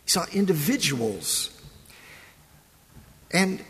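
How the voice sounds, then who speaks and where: A man's voice: fairly high pitch, very animated, unhurried, a bit bright. A man preaching a sermon as pastor, moving from liturgical prayer and scripture reading into a conversational talk. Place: church sanctuary. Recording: long reverb of a large hall.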